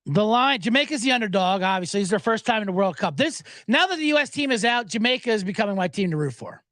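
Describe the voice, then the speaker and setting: A man's voice: sits high, lively intonation, fast, fairly bright tone, dry recording, clean studio sound. A man hosting a sports betting show, talking in a loose, joking, profane ramble full of asides. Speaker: sports betting podcast host. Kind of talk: casual rambling commentary.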